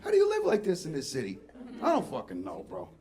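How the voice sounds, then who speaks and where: A man's voice: mid-range voice, huge pitch swings, fast talker, darkish tone. A man from Queens doing a brash, profane stand-up comedy set on a club stage. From Queens, New York. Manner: brash, profane, acts out dialogue. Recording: live club with audience laughter. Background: crowd laughing.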